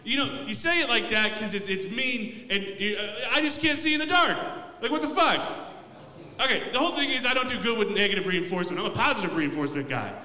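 A man's voice: high-pitched, fast talker, bright, forceful tone. A young man doing a loose, profane, self-mocking stand-up set in a comedy club. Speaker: stand-up comic. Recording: echoey club room mic.

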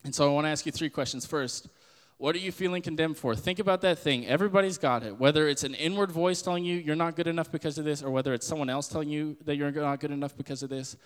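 A man's voice: on the high side, fast talker, hardly any pauses, clear, resonant tone, big-room sound. A man in his twenties giving a casual spoken sermon as a podcast host, earnest and conversational. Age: 20s. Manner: earnest and conversational, with frequent laughs and fillers.

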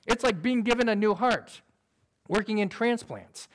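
High-voiced man preaching earnestly. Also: expressive. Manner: earnest, conversational, with quick illustrations; describes himself as sober by nature. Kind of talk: sermon.

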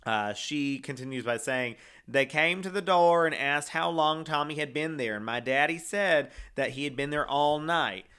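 A man's voice: a little high, normal speed, hardly any pauses, sharp tone, clean tone. A young man telling a true-crime story in casual chat, rambling with many fillers and reading quotes aloud. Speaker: co-host.

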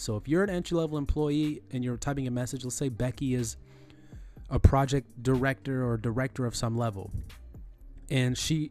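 A man with a mid-range, slightly mellow voice gives a screen-recorded tutorial on email etiquette. He teaches conversationally and loosely, often restarting, repeating phrases, and using fillers.

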